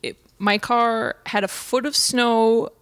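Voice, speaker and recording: A woman's voice: on the high side, fairly even intonation, slow pace, clean tone, no echo. A woman co-hosting a casual podcast, bubbly and chatty, laughing a lot as she tells stories. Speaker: podcast co-host. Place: home podcast setup, Chicago.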